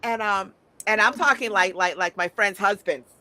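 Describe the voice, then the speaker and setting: A woman's voice: medium pitch, normal speed, bright, forceful tone. A middle-aged woman chatting casually as a podcast host, blunt and prone to swearing, stammering over repeated words and laughing often. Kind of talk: casual chat.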